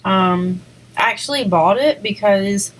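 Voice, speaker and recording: A woman's voice: mid-range voice, a little slow, low-quality recording. A woman vlogger chatting casually while she eats on camera, rambling between bites with little eating sounds. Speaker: mukbang vlogger. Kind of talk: casual eating vlog chat.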